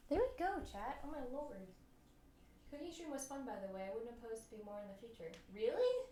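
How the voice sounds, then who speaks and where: A woman's voice: a little high, sing-song, fast talker, mellow, echoey room, slight background noise. A woman chatting casually with her stream while baking in a home kitchen, giggly and talkative. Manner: chatty, giggly, talks to chat.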